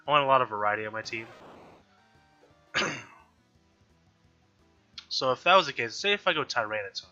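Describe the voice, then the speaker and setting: A man's voice: mid-range voice, bright, forceful tone. Nasal-voiced man narrating a game. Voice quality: nasal from allergies. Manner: chatty, thinking aloud, frustrated outbursts. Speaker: gaming YouTuber. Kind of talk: casual let's-play commentary. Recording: dull lo-fi audio with faint game music. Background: faint game music.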